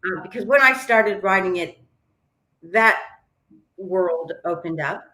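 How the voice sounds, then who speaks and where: A woman's voice: on the low side, slow pace, bright, forceful tone, echoey room. A woman singer-songwriter and author, chatting as a podcast guest in a self-deprecating way and laughing often. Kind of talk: casual interview chat. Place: lives in Melbourne.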